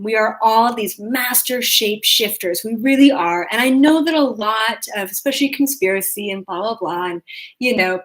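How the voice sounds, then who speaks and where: A young adult woman hosting a spiritual live video, talking casually with lots of fillers and acting out her own thoughts in quotes. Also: mid-range voice. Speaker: spiritual podcast host.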